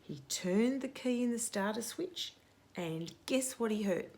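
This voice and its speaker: A woman's voice: a little high, lively intonation, unhurried, darkish tone, slight background noise. A middle-aged woman hosting story time, reading a picture book aloud to children with dramatic whispers and playful sound effects.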